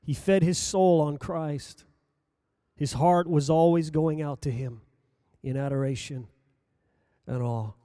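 A man delivers a sermon in a high but mellow voice. He speaks slowly and deliberately, rising for emphasis and sinking quiet at the ends of phrases. The recording is close and dry. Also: fairly even intonation, clear, resonant tone, dry recording. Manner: slow, measured preaching that rises and falls for emphasis. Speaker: preacher.

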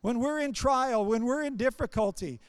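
Male preacher, sermon, short repeated phrases, smooth clear voice, dry close sound. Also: very high-pitched, normal speed, no echo.

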